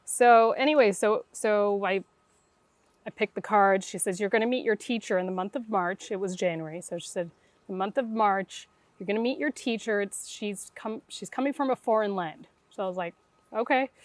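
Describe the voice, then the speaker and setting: A woman's voice: medium pitch, normal speed, no echo. A middle-aged woman, a guest intuitive, telling her story in conversation and acting out the voices of the people in it. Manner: animated, acts out quoted dialogue.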